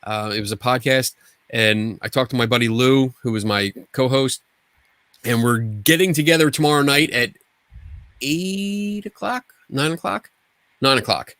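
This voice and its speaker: A man's voice: medium pitch, moderate pace, a bit bright, dry recording. A man co-hosting a podcast, chatting casually and rambling with frequent restarts and the odd curse. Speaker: podcast co-host.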